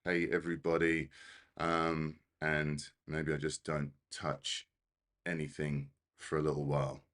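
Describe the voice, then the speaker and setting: A man's voice: rumbling low, monotone, a little slow, a bit bright. A man hosting a live-streamed meditation session, a little out of breath and flustered, laughing at his own tech trouble. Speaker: meditation host. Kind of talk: live-streamed casual talk. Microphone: desk microphone on a live stream.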